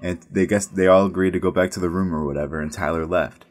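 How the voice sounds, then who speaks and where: Deep-voiced man rambling through a story. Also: steady tone, quick pace. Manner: rambling, profane, many restarts. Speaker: storyteller, casino dealer. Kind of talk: casual story time.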